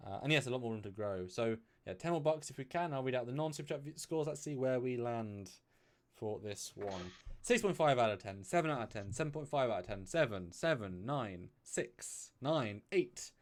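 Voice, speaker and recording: With lively intonation and a medium-pitched voice at a moderate pace, a man co-hosts a live review stream. He rambles chattily through fillers and restarts, sometimes appealing to viewers for donations.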